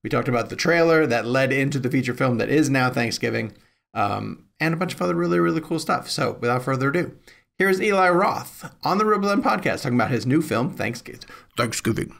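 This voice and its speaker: Gravelly upbeat male podcast host. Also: mid-range voice, lively intonation, brisk, a bit bright. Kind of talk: casual podcast chat.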